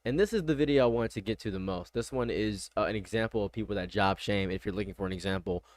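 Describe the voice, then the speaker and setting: A man's voice: on the low side, fast, no room sound. A man streaming casual reaction commentary, blunt and rambling, often repeating himself.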